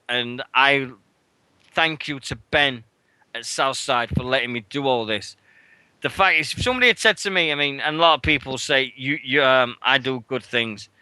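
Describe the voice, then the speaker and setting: Bright, animated British man telling a story. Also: medium pitch, normal speed, clear, resonant tone, no echo. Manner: animated, swearing, shouting out quoted lines. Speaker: radio show host. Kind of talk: casual storytelling chat.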